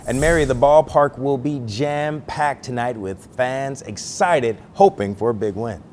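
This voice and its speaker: A man co-anchors a morning newscast from the studio with friendly, playful banter. His voice sits at a middle pitch. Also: unhurried, darkish tone, a little hiss or hum. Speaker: news anchor.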